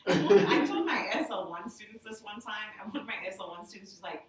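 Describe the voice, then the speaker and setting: A woman who works as a sign language interpreter, telling stories to a group in a chatty, animated way with lots of "like". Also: medium pitch, fast talker. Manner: animated, chatty, heavy use of "like". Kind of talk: casual storytelling to a group. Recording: echoey room, voice from far off.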